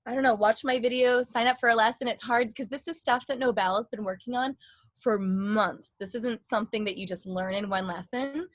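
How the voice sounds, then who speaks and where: A young woman giving a casual singing lesson, excited and rambling, with sung demonstrations. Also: on the high side, fairly quick, dry recording. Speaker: singing teacher.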